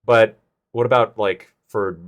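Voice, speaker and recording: A man's voice: on the low side, fairly even intonation, unhurried. A man acting as lawyer in a mock trial, chatting casually on a live stream and rambling as he questions himself, sometimes swearing. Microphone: video call.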